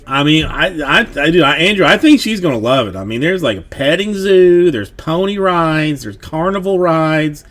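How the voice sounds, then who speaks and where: A man's voice: on the high side, animated, normal speed, few pauses, a bit bright. A man in his thirties chatting casually on a livestream about being a father, rambling with plenty of fillers and restarts. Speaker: streamer, father of a young daughter.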